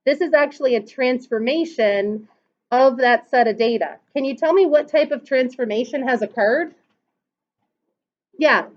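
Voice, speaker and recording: This math teacher's voice sits high with a darkish tone, and she keeps a measured pace. Heard in a dull lo-fi classroom recording, she patiently works through calculator steps and poses questions to the class.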